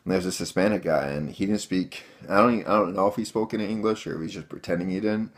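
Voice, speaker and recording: A man's voice: low-pitched, fast. A man telling a personal story to his viewers in a rambling, casual way, full of fillers. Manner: rambling, many fillers, addresses viewers as guys. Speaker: vlogger telling a home defense story.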